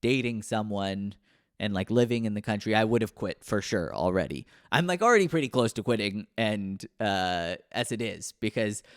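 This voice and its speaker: A man's voice: lowish voice, animated, normal speed, no room sound, clean studio sound. A man in his thirties hosting a comedy podcast, rambling and self-deprecating, full of fillers and restarts. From United States. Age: 30s. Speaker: podcast host.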